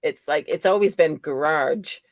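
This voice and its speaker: Low-ish American woman co-host, chatty, dry close audio. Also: expressive, normal speed, creaky, no echo. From United States. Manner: chatty, laughs often. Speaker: livestream co-host. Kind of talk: casual chat on a live stream.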